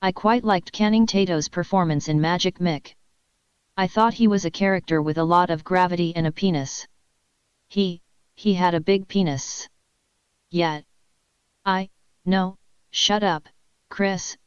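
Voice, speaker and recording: A woman's voice: measured pace, long pauses, smooth, dry recording, close to an everyday voice. Woman doing a creepy, awkward young guy. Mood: flustered. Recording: dull lo-fi dry recording.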